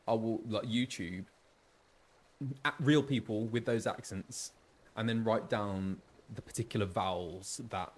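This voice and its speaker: A man's voice: on the low side, slight background noise. A man, a voice actor, chatting casually and with many fillers while streaming a game.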